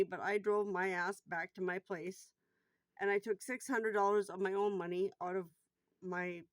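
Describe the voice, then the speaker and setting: A woman's voice: medium pitch, dry recording. Blunt, candid woman telling a story. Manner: candid, blunt, swears freely; gets loud and worked up retelling the fall. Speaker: bar worker telling a personal story. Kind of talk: casual storytelling vlog.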